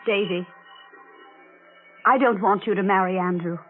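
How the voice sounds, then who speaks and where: A woman's voice: medium pitch, measured pace, narrow, tinny audio, soft background music, close to an everyday voice. An actress playing a jealous, possessive young woman who turns murderous, in 1940s radio drama style, cold and menacing. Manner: cold and menacing, then pleading. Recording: scratchy 1940s radio broadcast.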